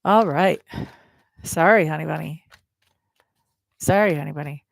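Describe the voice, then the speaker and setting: On a live tarot stream, a woman talks directly to her viewers with a blunt, playful edge. Her voice is low and unhurried, with vocal fry and no audible room sound.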